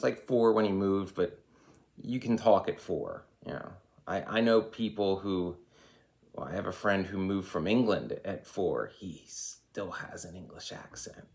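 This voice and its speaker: Creaky, low-voiced American man rambling. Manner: rambling, opinionated, heavy use of "you know". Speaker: occult channel host. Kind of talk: casual spiritual monologue.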